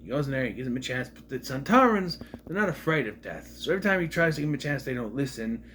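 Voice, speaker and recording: A man gives a casual, rambling look back at an episode and wanders off into side topics. His voice sits at an ordinary middle pitch. A faint hiss runs under the recording. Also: lively intonation, quick pace, fairly bright tone. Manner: rambling, loose and digressive. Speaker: show reviewer.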